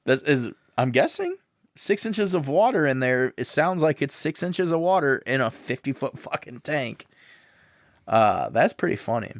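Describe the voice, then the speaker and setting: Casual male co-host from the Midwest, lively pitch, dry close sound, swears and jokes. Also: normal speed, no echo. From American Midwest. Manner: loose, swearing, laughs often. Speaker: podcast co-host. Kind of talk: casual comedic history chat.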